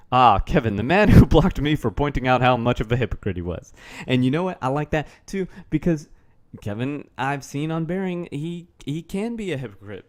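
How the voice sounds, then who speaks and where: A man giving a rambling, casual commentary rant, sardonic and full of swearing. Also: medium pitch. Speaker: YouTube commentator.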